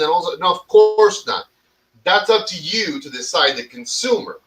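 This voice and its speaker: Blunt bright-voiced man talking cigars. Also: on the high side, distant mic, poor audio. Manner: blunt, profane, repeats words when starting. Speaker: cigar podcast host. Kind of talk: casual opinion chat.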